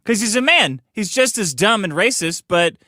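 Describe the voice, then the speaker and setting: Guy with a high lively voice, cohosting a podcast, super blunt and sweary, mocking everybody. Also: normal speed, no echo, clean studio sound. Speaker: podcast co-host. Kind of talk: crude comedic political banter.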